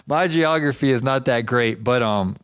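Chatty podcast host, dry sound. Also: male voice, mid-range voice, moderate pace, clear, resonant tone, dry recording. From Georgia, United States. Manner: chatty, self-deprecating, frequent restarts. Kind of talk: casual interview chat.

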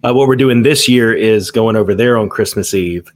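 Easygoing American man with a low voice. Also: moderate pace. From United States. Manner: easygoing, brief replies. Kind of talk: casual chat.

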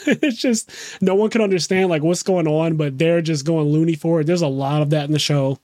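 A man with a fairly high voice chats excitedly, swears freely and laughs a lot. The recording is dry and close, with no room echo. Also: a little fast. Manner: excitable, profane, laughs often. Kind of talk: casual podcast chat.

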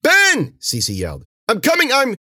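A man voicing a brave young man yelling in danger. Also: low voice, lively intonation, moderate pace, breathy edge, no room sound, studio quality. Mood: urgent.

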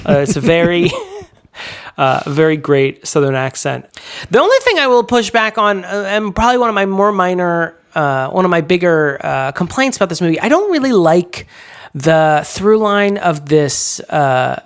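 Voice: medium pitch, sing-song, normal speed, smooth. A podcast co-host in a casual movie discussion, talking in a chatty, digressive way.

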